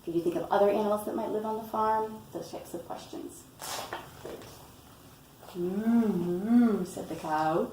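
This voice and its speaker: A woman reading a picture book aloud and explaining storytime tips in a patient way, often pausing with "um" and "you know". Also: mid-range voice, steady tone, noisy background. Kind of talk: instructional read-aloud tutorial. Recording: roomy, from a distance, faint ambience.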